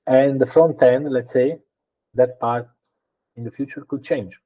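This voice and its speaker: A man's voice: medium pitch, steady tone, unhurried, dark tone, poor audio. A man answering as a guest in a podcast interview, explaining things conversationally and thinking aloud with frequent fillers and restarts. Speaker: guest data engineer.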